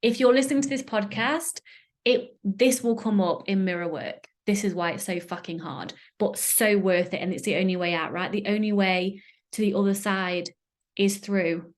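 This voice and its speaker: A woman's voice: medium pitch, moderate pace. A woman with a British accent hosting a solo podcast, talking earnestly and emotionally, often searching for words. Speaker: podcast host. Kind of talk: candid solo podcast talk.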